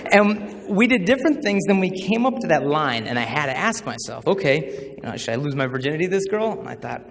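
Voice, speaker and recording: Lively young man telling stories in a hall. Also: on the high side, fairly quick, creaky. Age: 20s. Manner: animated, acts out quoted voices. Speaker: chastity speaker. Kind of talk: humorous storytelling talk. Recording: hall reverb with faint noise.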